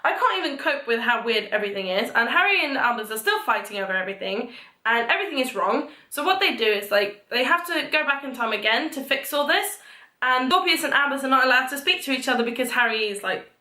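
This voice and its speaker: High, bright-voiced young woman gushing. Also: lively intonation, fast. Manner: gushing, rambling recap full of "like". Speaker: book vlogger. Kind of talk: casual book talk. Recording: echoey room.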